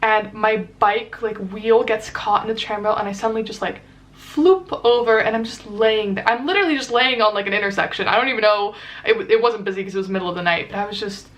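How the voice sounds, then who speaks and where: A woman's voice: mid-range voice, fairly bright tone. A young woman vlogging, telling a dating story in a casual, chatty way with lots of fillers. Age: young adult. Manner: chatty, fast and filler-heavy, acts out quotes.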